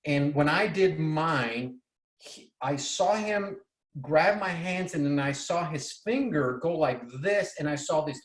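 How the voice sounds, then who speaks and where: A man from Bolivia telling a personal story in an excited, rambling way, often restarting his sentences. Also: a little high. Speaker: presenter. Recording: echoey room.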